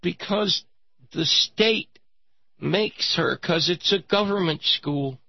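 A man putting on a weepy little girl of about nine, wailing in a squeaky, high voice. She tattles in a whiny, sing-song way. The sound is dry and slightly dull. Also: slow pace, vocal fry, slightly rough, no echo, exaggerated voice. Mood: whiny tattling.

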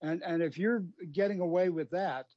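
A husky man on talk radio, measured and asking questions. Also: high-pitched, no room sound, lo-fi sound.

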